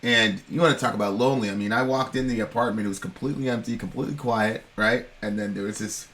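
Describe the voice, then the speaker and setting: Male podcast co-host with a bright, forceful voice, telling a rambling story in a casual way. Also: fairly low pitch, steady tone, quick pace. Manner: rambling, frequent "you know what I'm saying", swears freely.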